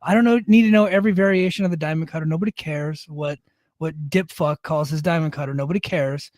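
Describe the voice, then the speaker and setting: A man's voice: fairly high pitch, quick pace, darkish tone, no echo, studio quality. A man co-hosting a podcast in casual chat, blunt and opinionated, swearing freely. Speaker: podcast co-host.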